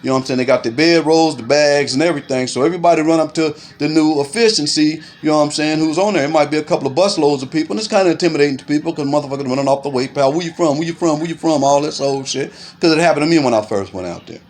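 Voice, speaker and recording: Fast-talking man telling a story. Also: on the high side, a little hiss or hum. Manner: animated, profane street talk, keeps saying "you know what I'm saying"; makes punching sounds aloud. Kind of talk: casual storytelling to camera.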